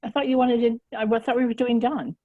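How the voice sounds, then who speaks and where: A woman's voice: a little high, fairly even intonation, quick pace, narrow, tinny audio. A chatty woman who laughs a lot, co-leading a casual group session.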